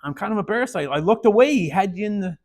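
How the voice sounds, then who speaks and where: An anxious wrestling coach, voiced by a man telling a joke, sounds uneasy. His voice sits a little high, and he hammers home his warnings. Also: normal speed, close to an everyday voice. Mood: rattled. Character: worried middle-aged male wrestling coach.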